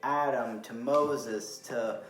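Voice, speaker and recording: A young man co-hosting a casual podcast, retelling a story with animated energy, acting out the lines he quotes and swearing now and then. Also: medium pitch, slow. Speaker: podcast co-host. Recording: echoey room with faint music.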